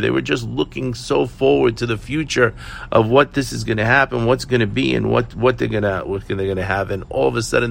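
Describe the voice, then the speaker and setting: Creaky-voiced man giving a Torah talk. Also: medium pitch, fairly bright tone. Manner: earnest, questioning, with hesitant fillers. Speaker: Torah teacher. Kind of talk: sermon with storytelling.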